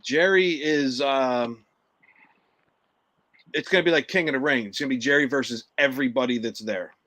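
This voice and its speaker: A man's voice: medium pitch, normal speed, pushed and bright, no room sound. A man hosting a casual podcast, upbeat, reading out and thanking viewers' comments. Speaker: podcast host reading live chat. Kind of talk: casual chat.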